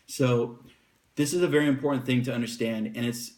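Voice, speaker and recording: Relaxed man explaining scripture casually. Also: medium pitch. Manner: relaxed, unscripted explaining with fillers, slows down to read verses aloud. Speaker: Bible translator and teacher. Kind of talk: casual Bible teaching.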